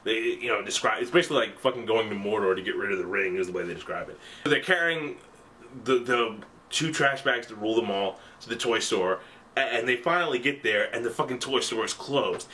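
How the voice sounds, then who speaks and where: A young man casually retelling a story in an animated, profane, rambling way. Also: on the low side, a little fast.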